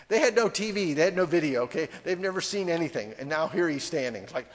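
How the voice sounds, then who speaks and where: A male pastor delivering a sermon in an animated, conversational way, swinging from loud emphasis to near-quiet asides. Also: fairly high pitch, fast, few pauses. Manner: animated, conversational preaching with sudden dramatic drops in volume. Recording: long reverb of a large hall.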